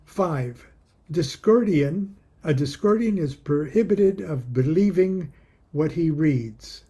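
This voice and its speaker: Wry male author reading aloud; husky, mellow, slow-paced, chuckles between lines. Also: fairly high pitch, animated. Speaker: author reading his own book. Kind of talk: reading aloud with personal asides.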